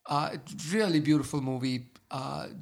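Gravelly, enthusiastic film-review man. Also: mid-range voice, normal speed. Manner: enthusiastic, rambling with many fillers. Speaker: film podcast co-host. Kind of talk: casual film review chat.

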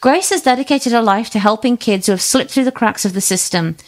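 A woman's voice: fairly high pitch, fairly quick. A woman co-hosting a film review podcast, chatting lightly and reading out a film synopsis. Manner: lively, reads synopsis smoothly. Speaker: podcast co-host. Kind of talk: casual chat and read review intro.

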